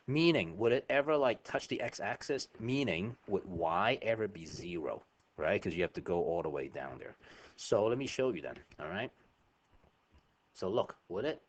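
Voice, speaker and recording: A man teaching a math lesson over a screen recording, chatty and informal, often checking in with "right?". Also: fairly low pitch.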